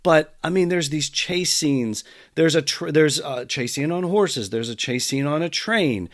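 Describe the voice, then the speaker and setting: A man's voice: a little high, lively intonation, measured pace, no echo, studio quality. A man hosting a podcast in casual chat, talking in an enthusiastic, rambling way. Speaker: podcast host.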